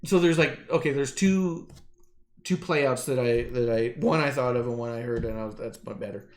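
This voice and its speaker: Animated, cursing man in an echoey room. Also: mid-range voice, normal speed. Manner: animated, profane, acts out quotes. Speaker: podcast co-host. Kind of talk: casual chat. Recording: roomy echo.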